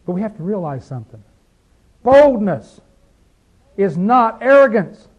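A man teaching a Bible study like a sermon, fervent, firing rhetorical questions and dropping from loud to hushed. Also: sits high, very animated, unhurried, breathy edge, dull audio.

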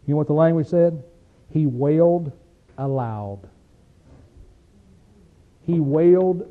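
Southern hillbilly preacher guy, kinda high voice, folksy, sounds like it's coming through a phone. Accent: Southern American hillbilly. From Appalachian region, USA. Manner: folksy, rhetorical questions, reads scripture slowly. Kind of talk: sermon. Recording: tinny phone-like recording.

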